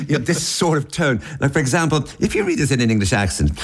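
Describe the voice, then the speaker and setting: A man's voice: a little high, very animated, fast, few pauses, slightly rough. A man in a literary discussion, musing aloud and turning phrases over, often restarting his sentences.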